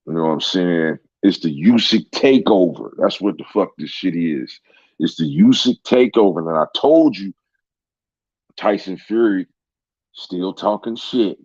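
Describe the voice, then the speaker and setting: A man with a very low, deep voice rants about sports in a heated, profane way. The sound is dry and close, with a dull, lo-fi quality. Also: darkish tone, no echo. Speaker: sports commentator. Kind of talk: casual rant.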